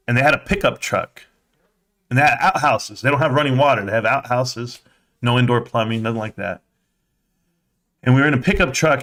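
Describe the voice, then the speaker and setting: A man hosting a livestream, telling a personal story in a casual, animated way, jumping into a higher voice to act out quotes. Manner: animated, acts out quotes in a high voice; conversational, with fillers and restarts. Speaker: livestream host.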